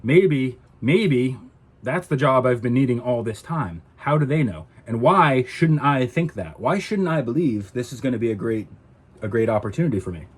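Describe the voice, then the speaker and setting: A man's voice: mid-range voice, expressive, moderate pace, husky. A man ranting to camera in a casual vlog, indignant and exasperated. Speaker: vlogger.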